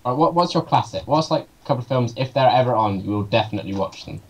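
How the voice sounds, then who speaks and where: Male co-host, husky voice, easygoing segment-runner. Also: medium pitch, expressive, fast talker, poor audio. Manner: laid-back, moves the show along. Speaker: podcast co-host. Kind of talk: casual chat.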